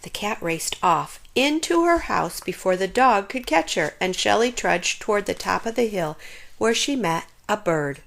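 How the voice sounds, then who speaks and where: A woman reading a children's picture book aloud in an expressive, sing-song storyteller manner. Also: medium pitch, a little slow, gravelly.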